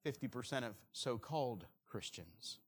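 A man preaching a sermon earnestly, moving between loud emphasis and quiet, slow stresses. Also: medium pitch, expressive, slightly rough. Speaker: pastor.

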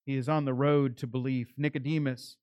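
A man's voice: mid-range voice, little pitch movement, a little fast, darkish tone, no echo, studio quality. A male pastor preaching a sermon, earnest and pleading, building to emphatic calls.

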